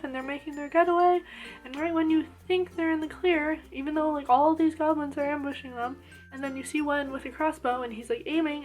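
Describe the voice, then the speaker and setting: A young woman with a fairly high voice reviews an anime episode in a loose, animated way. She gushes, with plenty of "like" fillers. Faint music plays quietly behind her. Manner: gushing and animated, lots of "like" fillers.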